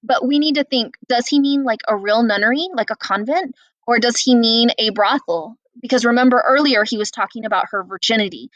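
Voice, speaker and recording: A woman's voice: fairly high pitch, brisk, fairly bright tone, no echo, dull audio. A woman teacher guiding students through a play in a casual, explanatory way, with frequent "um" and "like". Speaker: English teacher. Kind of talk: guided reading lesson.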